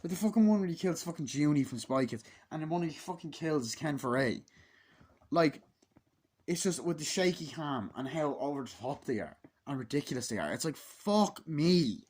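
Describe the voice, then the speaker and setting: A man's voice: a little high, animated, moderate pace, darkish tone, husky. Rambling, foul-mouthed male movie reviewer. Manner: rambling, heavy swearing, many fillers. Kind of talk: casual, unscripted spoken review.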